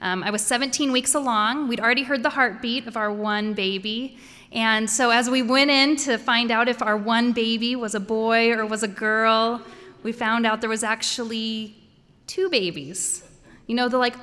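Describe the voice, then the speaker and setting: A woman's voice: fairly high pitch, moderate pace, sharp tone. A woman telling a personal story before an audience, conversational and wryly humorous. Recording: echoey hall.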